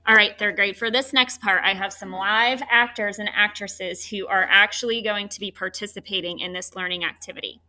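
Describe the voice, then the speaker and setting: A woman teaching a third grade class in a classroom, leading call-and-response phonics drills with animated, coaxing questions. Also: mid-range voice, moderate pace, hardly any pauses.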